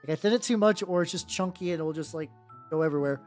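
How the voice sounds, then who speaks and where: A fast-talking streamer with a mid-range, darkish voice and no notable accent chats casually while painting miniatures on a live stream. The talk rambles, loaded with fillers and casual swearing, over faint background music.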